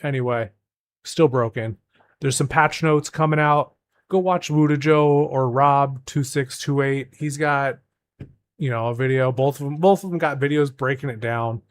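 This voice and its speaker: A man's voice: medium pitch, moderate pace. A young man, a gaming streamer, ranting casually and rambling with restarts and exasperated asides.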